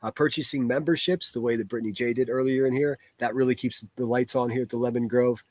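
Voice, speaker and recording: A man's voice: mid-range voice, steady tone, fast talker, darkish tone, dry recording. A man hosting a live stream and answering his chat in a blunt, profane, rambling way, with frequent restarts. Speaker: livestreamer reading chat.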